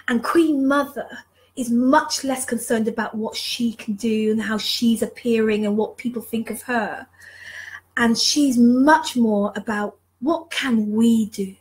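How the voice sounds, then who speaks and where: A woman's voice: fairly high pitch, unhurried, rough recording. A woman leadership mentor giving an emotional, passionate motivational talk, repeating phrases for emphasis. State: emotional, moved. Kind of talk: motivational live talk to viewers.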